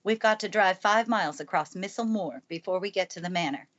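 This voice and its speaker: A woman voicing a stern, brisk middle-aged housekeeper in a storybook reading, on a dull lo-fi recording. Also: medium pitch, fairly bright tone, lightly acted. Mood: matter-of-fact.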